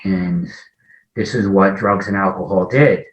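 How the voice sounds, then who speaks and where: A man in his forties recounts his own past in a low-pitched voice. He talks haltingly and often breaks off to restart a sentence. The audio is muffled lo-fi with a noticeable echo. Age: 40s. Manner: halting, restarts mid-sentence, acts out remembered dialogue. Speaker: guest sharing a recovery story. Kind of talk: personal storytelling in a conversation.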